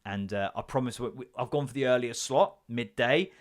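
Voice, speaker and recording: At medium pitch and a brisk pace, a man in his thirties runs a casual solo podcast. The stories he tells are jokey and foul-mouthed, peppered with mock voices.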